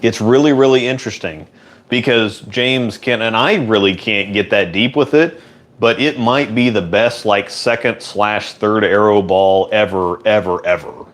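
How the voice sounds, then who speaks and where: A man hosting a relaxed, rambling chat in a workshop, answering viewer questions. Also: fairly low pitch, measured pace. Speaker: host. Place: indoor workshop.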